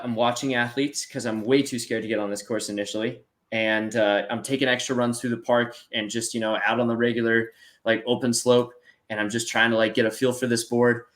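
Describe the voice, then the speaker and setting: A young American man in his twenties tells a story as an interview guest. His voice sits in a middle pitch, and he keeps it casual and animated. He acts out the voices of people in his story and leans on plenty of filler words. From United States. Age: 20s. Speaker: interview guest, para snowboarder.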